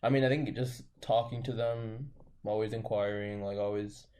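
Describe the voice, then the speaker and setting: With a lowish, mellow voice and a steady tone, a young man co-hosts a podcast at a moderate pace. His casual chat rambles, full of fillers and restarts.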